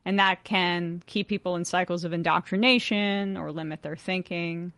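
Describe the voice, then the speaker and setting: A woman's voice: on the low side, fairly even intonation, moderate pace, a bit bright, no echo. A woman hosting a call-in talk show, asking questions with some hesitant phrasing.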